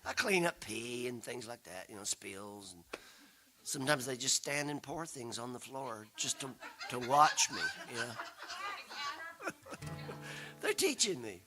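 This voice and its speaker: A man's voice: medium pitch, big pitch swings, takes it slowly, pauses often, pushed and bright, soft background music. A man, telling rambling, self-deprecating family stories to a congregation and acting out the voices he quotes. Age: 60s. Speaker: guest speaker and folk singer. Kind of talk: storytelling talk to a congregation. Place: spiritual center, broadcast live.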